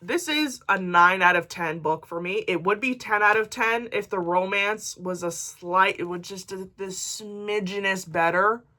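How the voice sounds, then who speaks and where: A woman's voice: medium pitch, measured pace, hardly any pauses, sharp tone. A woman book vlogger chatting casually to camera, reading book blurbs aloud with jokey asides.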